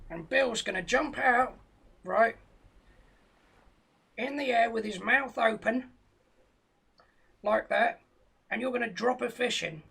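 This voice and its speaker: A man's voice: very high-pitched, gravelly, bright, forceful tone, breathy edge. A British man telling a rambling, profane comic tall tale with a straight face on a live stream. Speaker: comedian telling a story.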